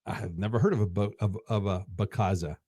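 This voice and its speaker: Dry-voiced man telling stories haltingly. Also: fairly low pitch, mellow, slightly rough, no room sound. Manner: halting, repeats words as he recounts stories. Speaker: podcast guest. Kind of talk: casual storytelling.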